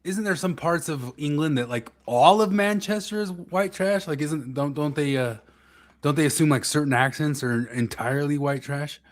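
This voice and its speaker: A man co-hosting a relaxed podcast chat. He asks curious questions in halting bits and often restarts them. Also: fairly high pitch. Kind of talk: casual chat.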